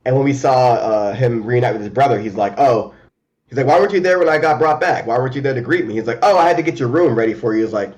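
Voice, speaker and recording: A man in a casual remote chat, talking fast and loose with lots of fillers, restarts and swearing. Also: medium pitch. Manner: animated and profane, many fillers and restarts. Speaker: podcast co-host.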